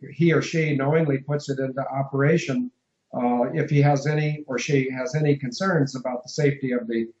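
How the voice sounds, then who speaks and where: A man's voice: a little high, reverberant, lo-fi sound. A man giving a discursive, emphatic interview, spelling out letters and numbers as he explains. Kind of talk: phone-in radio interview.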